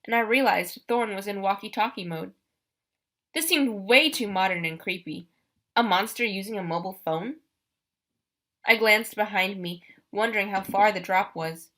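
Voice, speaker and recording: Woman, audiobook narrator, bright voice, brisk expressive first-person reading. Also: mid-range voice.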